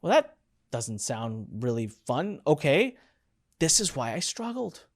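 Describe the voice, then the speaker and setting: A middle-aged online course instructor, excitable and emphatic, who repeats key lines and throws in chatty asides during a live webinar. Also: medium pitch, measured pace.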